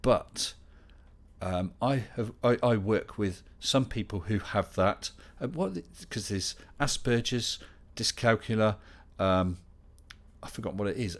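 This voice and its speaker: A middle-aged man hosting a casual live Q&A stream, chatting and reading out viewer questions with dry humor. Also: lowish voice.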